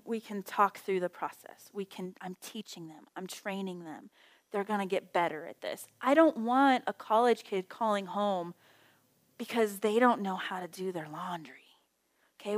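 A middle-aged woman teaching a Bible study in a casual, conversational way, telling stories with lively acted-out quotes. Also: mid-range voice.

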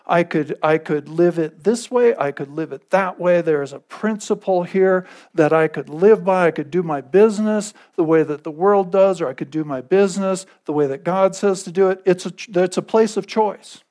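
A man's voice: sits high, a little mellow. A male pastor preaching a conversational sermon, repeating phrases and checking in with his listeners.

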